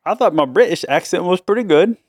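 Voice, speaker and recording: A man's voice: high-pitched, expressive, fairly quick, a little hiss or hum. A middle-aged man, a father and host, chatting casually and jokingly with his daughters, laughing often. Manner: jokey, laughs often, tries silly accents. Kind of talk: casual family chat.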